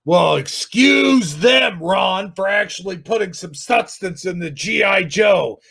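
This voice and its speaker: Gravelly, cursing man on a rant. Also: high voice, expressive, slow. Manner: angry, sarcastic, swears and shouts. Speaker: YouTube channel reviewer. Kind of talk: ranting video commentary.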